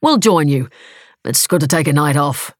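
A woman voicing a brash male talk show host with a New Zealand accent, talking loudly and eagerly. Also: fairly high pitch, animated, normal speed, no room sound, clean studio sound. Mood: hearty. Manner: loud, eager to please.

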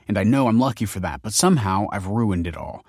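Man playing a troubled young guy, low and glum, dry close read. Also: animated, a little fast, darkish tone, no echo. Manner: glum, self-deprecating.

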